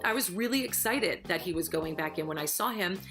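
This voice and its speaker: A woman's voice: lowish voice, expressive, fairly quick, music in the background. A woman who used to be a housemate, giving sassy, emphatic, gossipy opinions about the people in the house. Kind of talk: recorded opinion piece to camera.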